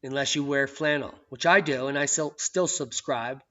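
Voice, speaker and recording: A man hosting his own video channel, talking in an excitable, jokey way that swings from loud outbursts to hushed asides. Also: mid-range voice, normal speed. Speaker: channel host. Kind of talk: casual video commentary. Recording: dull lo-fi sound.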